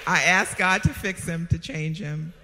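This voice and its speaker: An older woman in a theater audience answering a comedian in a slow, dry, matter-of-fact way. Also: lowish voice, pushed and bright. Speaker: audience member. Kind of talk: casual chat with a stage comedian. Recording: hall reverb, crowd noise behind.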